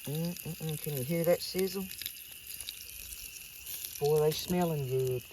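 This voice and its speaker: A woman's voice: low-pitched, slow pace, noisy background. A woman hosting a casual cooking demonstration, chatty and folksy, talking straight to her viewers outdoors at night. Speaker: cooking show host.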